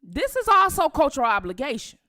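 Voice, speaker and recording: A woman's voice: high voice, big pitch swings, brisk, sharp tone. A woman from Detroit with a Detroit accent, hosting casual commentary, emphatic and outraged, repeating herself for effect. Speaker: commentary channel host.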